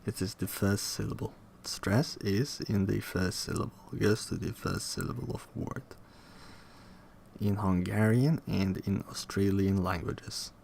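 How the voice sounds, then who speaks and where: A young man reading a linguistics textbook aloud in a slow, halting way, pausing to repeat words to himself. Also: fairly low pitch, fairly even intonation, creaky, darkish tone, a little hiss or hum. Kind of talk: casual read-aloud study session.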